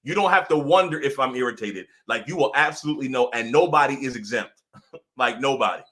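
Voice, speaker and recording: A man hosting a casual motivational livestream as pastor and coach, animated, often laughing and repeating his points for emphasis. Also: medium pitch, a little fast.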